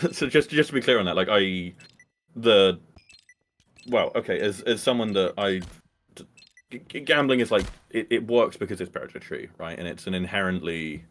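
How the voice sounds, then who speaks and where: A man's voice: fairly low pitch, expressive, normal speed, a bit bright. A man on a game team's livestream, reading out viewer questions and answering earnestly with restarts. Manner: earnest, restarts sentences, reads questions aloud. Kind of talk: casual livestream chat.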